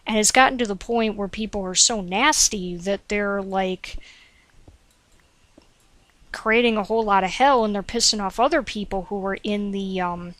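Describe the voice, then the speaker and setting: A woman with a medium-pitched, slightly bright voice plays a game at home at normal speed, giving rambling, digressive let's-play commentary full of "like" and "um." Chatty as a gaming commentator, she talks to her cat now and then between remarks about the game. She speaks into a desk microphone, and there's no echo.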